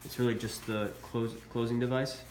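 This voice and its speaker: In an echoey room with a little background noise, a man with a cold-clogged voice casually walks through his military collectibles for a show-and-tell vlog. He hesitates often and fills gaps with uhs. His voice is mid-range and darkish, with little pitch movement and a moderate pace.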